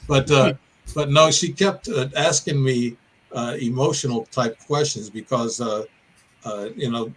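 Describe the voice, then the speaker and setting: A bit slow and somewhat bright, the older Illinois man's mid-range voice carries a winding, detailed story of a personal encounter, with frequent self-corrections. He's appearing as a podcast guest. The rough recording picks up slight background noise.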